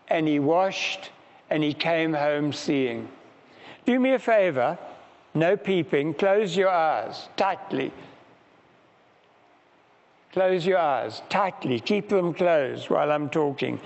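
Slow, emphatic male preacher in a hall. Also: fairly high pitch, expressive. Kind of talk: sermon. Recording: dull sound in a reverberant hall.

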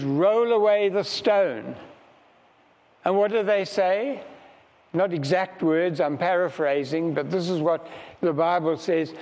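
Slow, emphatic male preacher in a hall. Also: on the high side, darkish tone. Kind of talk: sermon. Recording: dull sound in a reverberant hall.

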